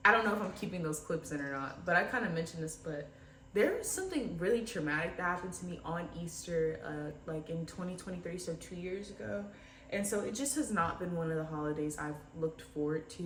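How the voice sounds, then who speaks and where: A young woman vlogging at home, talking in a candid, rambling and low-spirited way. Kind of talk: casual diary vlog. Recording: roomy echo, distant from mic, faint ambient noise.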